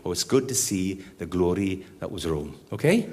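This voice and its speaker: A Welsh comedian and singer telling rambling, chatty anecdotes to a live crowd. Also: male voice, low voice, animated, normal speed, dark tone. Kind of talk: live stand-up storytelling. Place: live show in a large hall. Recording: live hall recording with music.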